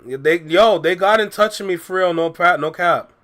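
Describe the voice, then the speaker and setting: A young male reaction streamer hangs out with his viewers, laid-back and slangy, reading chat messages aloud and answering them. His high-pitched voice has a fairly bright tone and moves at normal speed.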